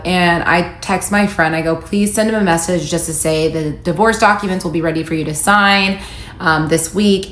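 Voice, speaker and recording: A young woman tells her own story straight to the camera, candid and wry, reading out old messages without putting on voices. Her voice sits a little low, and the echoey room has a faint hum behind it.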